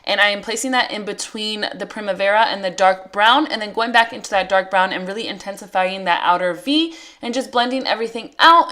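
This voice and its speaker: A woman talks through a makeup tutorial in a relaxed voice-over. She is chatty and walks through every step in a friendly, conversational way. Her voice sits at an ordinary middle pitch. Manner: chatty, explains each step as she goes. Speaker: makeup artist.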